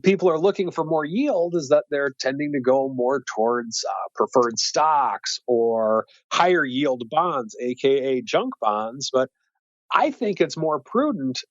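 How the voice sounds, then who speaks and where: A wealth manager talking through bond and stock markets in casual commentary, thinking aloud with many fillers and restarts. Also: male voice, mid-range voice, animated, a little slow, no echo, highs cut off.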